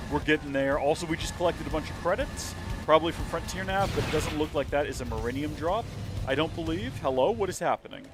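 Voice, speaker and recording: A man streaming a video game, chatting casually in a rambling, joking, self-mocking way. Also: fairly high pitch. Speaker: let's play streamer.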